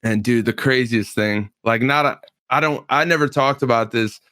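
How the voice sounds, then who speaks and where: A man's voice: mid-range voice, moderate pace, fairly bright tone, no room sound, clean studio sound. A man in his twenties, a pro fighter, telling a story in casual chat on a podcast, laid-back and full of slang and filler words.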